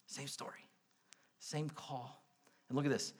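A man preaching a sermon in a conversational, animated way, full of quick asides to his listeners. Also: medium pitch. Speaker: pastor.

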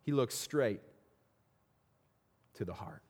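A man's voice: medium pitch, lively intonation, slow pace, darkish tone. A man giving a sermon as pastor, asking rhetorical questions and often repeating his words. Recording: long reverb of a large hall.

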